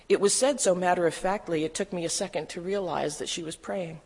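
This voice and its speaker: Mid voice reading a memoir out loud, calm steady pace, big reverby hall. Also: medium pitch. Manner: steady, measured storytelling. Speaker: reader. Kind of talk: reading a first-person memoir aloud.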